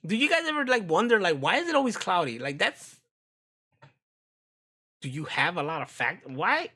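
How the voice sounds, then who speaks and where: An American streamer with a fairly high, sharp and forceful voice rambles casually as he reacts to videos. He talks in a loose, profane way and laughs often. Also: very animated, normal speed, breathy edge. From United States.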